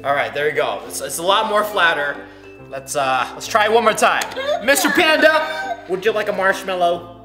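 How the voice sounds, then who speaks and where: Animated man teasing a toy bank. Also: high-pitched, moderate pace. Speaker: toy unboxing host. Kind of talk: playful unboxing vlog. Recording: echoey room with background music.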